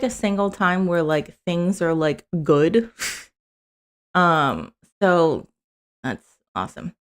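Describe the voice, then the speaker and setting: Unhurried, smooth-voiced young woman streamer. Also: lowish voice. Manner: chatty, rambling, swears casually, many fillers. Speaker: political news streamer. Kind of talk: casual live-stream chat.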